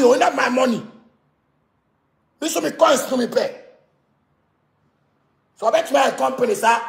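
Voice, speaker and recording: An angry Ghanaian man in his thirties vents in Ghanaian Pidgin English, stammering and circling back on the same words. His voice sits high with a rough, gravelly grain. The sound rings around a reverberant room. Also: a bit bright. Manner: heated, repetitive, stammering outbursts. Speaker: musician. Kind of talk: angry rant.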